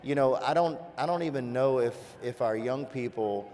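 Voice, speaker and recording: A man from Virginia with a softened Southern accent, hosting a casual panel discussion and telling folksy stories with lively asides. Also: mid-range voice, moderate pace, a little hiss or hum. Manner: folksy storyteller, animated asides.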